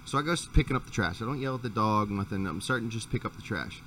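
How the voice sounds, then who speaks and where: A man's voice: on the low side, expressive, very fast, a bit bright, recorded from a distance, slight background noise. A man hosting a podcast, telling a rambling, profane story in a casual chat. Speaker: podcast host.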